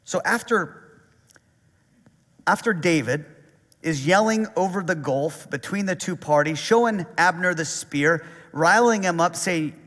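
A man preaching a sermon, animated and conversational, reading scripture aloud. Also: sits high, measured pace, big-room sound. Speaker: pastor.

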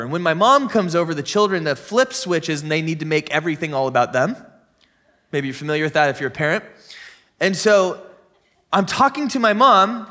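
A man in his thirties preaching in church, his voice sitting high for a man. He tells stories in an easy, conversational way, swinging up loud and high for the punchlines, then dropping low and quiet for prayer. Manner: conversational storytelling with animated swings in pitch and volume. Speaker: pastor. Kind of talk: sermon.

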